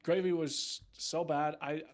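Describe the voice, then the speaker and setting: A man's voice: on the high side, fairly even intonation, slow. A young man, an esports caster, chatting casually and playfully as a guest, laughing as he talks. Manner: laughs often while talking, playful. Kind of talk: casual chat.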